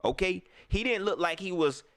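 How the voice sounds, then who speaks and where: A man ranting in casual slang about football, repeating his points with animated emphasis. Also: high-pitched, normal speed, no echo, studio quality. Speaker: sports vlogger. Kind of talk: casual sports rant.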